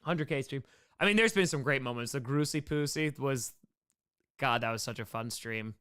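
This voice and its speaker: A live-stream host answers chat questions in an upbeat, rambling Q&A, calling out viewers by name to thank them. His medium-pitched voice is fairly bright, clear, and resonant, moving at a moderate pace, though hours of talking have worn it a little.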